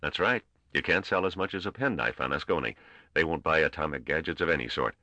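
A man doing a gruff veteran space trader. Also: extremely low pitch, lively intonation, fast talker, bright, forceful tone, no room sound, exaggerated voice.

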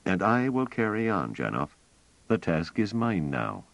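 A man's voice: sits low, big pitch swings, measured pace, vocal fry, no echo, pitched above the performer's own voice, full character voice. A man voicing a blunt, impatient younger man. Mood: wry. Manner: direct, terse.

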